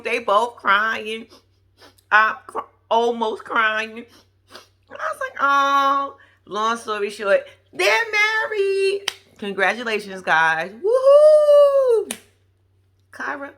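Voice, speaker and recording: A woman's voice: medium pitch, bright, forceful tone. A woman giving casual, profane, gossipy commentary on a reality TV episode, laughing often as she talks. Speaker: reality TV recap vlogger.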